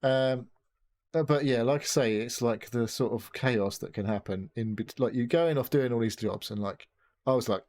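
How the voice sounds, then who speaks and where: A man's voice: mid-range voice, brisk, a little mellow. A man hosting a podcast, chatting casually in a rambling, sweary way full of fillers and restarts. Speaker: podcast host. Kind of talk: casual chat.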